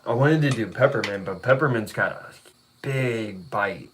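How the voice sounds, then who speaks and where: A man's voice: lowish voice, animated, moderate pace, background noise. A man talking casually on his stream, telling a rambling story in a laid-back way, full of profanity and chuckles. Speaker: vlogger. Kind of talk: casual chat.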